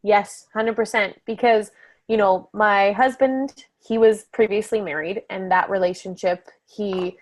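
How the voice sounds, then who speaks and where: A woman speaking as a podcast guest in a relaxed, candid conversation. She laughs easily and often, and her talk is full of casual fillers and restarts. The recording is dry and close, with no room sound around her. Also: medium pitch, a little slow, no echo. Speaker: podcast guest, business coach.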